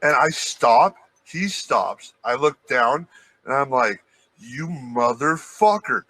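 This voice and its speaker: A man co-hosting a podcast, telling a profane, animated work story in casual chat. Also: mid-range voice, slow pace, no echo, rough recording. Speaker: podcast co-host.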